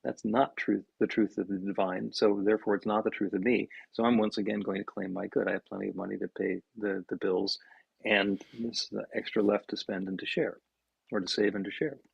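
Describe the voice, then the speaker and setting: Gravelly husky man explaining prayer. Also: on the low side, level tone, no echo, muffled recording. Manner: halting, restarts and repeats words. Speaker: minister and podcast co-host. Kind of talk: casual podcast explanation.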